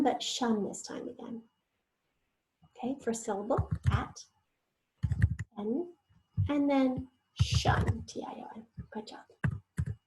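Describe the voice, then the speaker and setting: High-voiced woman teaching spelling. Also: darkish tone, low-quality recording. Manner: sounds out words syllable by syllable, patient and encouraging. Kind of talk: online spelling lesson.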